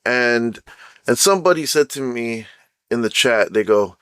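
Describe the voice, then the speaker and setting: Hosting his own show, a young man from Canada with a Canadian accent spins a casual personal story, keeps asking "right?" and chuckles at his own jokes. He speaks a little slowly and expressively, pausing often, in a mid-range, fairly bright, smooth voice captured on a dry, clean studio recording.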